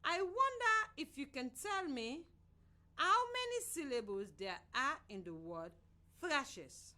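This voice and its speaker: Slow, lively woman radio teacher. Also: high voice. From Sierra Leone. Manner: slow, clear, sing-song teaching voice. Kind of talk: scripted radio lesson for children.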